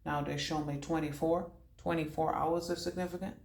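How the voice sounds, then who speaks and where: A woman's voice: sits low, steady tone, normal speed, gravelly, a little mellow, roomy sound. Woman giving a punning intuitive reading. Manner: free-associating, punning, casually cussing. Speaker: intuitive reader.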